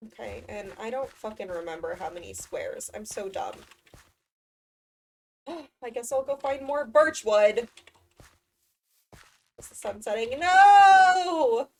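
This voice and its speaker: A woman's voice: a little high, recorded from a distance. A woman streamer talking to herself during a game, swearing often and easily exasperated. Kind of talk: casual gameplay commentary.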